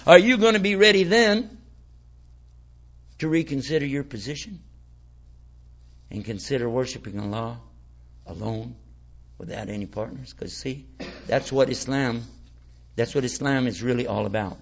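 Male preacher, folksy and conversational, raspy edge, muffled lo-fi recording. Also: medium pitch, moderate pace, long pauses, a bit bright. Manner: folksy, conversational, rhetorical questions. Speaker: Islamic preacher. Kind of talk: informal religious talk. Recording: lo-fi dull recording.

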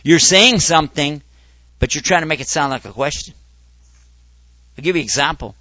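A man lectures a gathered audience in an animated way, firing off rhetorical questions. His voice sits high and sounds bright. The recording is dry with no room echo. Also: brisk. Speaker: Islamic lecturer. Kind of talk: public talk to an audience.

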